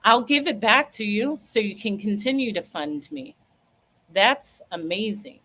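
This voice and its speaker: A woman hosts a casual livestream, telling a story in an animated, emphatic, sassy manner and laughing along the way. Her pitch is medium and her pace unhurried.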